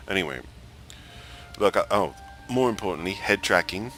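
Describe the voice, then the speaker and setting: A man's voice: sits low, lively intonation, normal speed, sharp tone. A man giving casual, playful, rambling commentary while testing a game feature. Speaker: game vlogger. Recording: game music playing behind.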